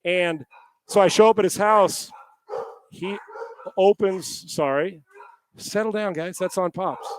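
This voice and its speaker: A man's voice: high voice, takes it slowly, pauses often, clear, resonant tone, no room sound. Man telling a story in a dry, close voice. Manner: lively, rambling, with restarts and swearing. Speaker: podcast guest, former quarterback. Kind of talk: storytelling in a casual interview. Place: at home. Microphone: headset.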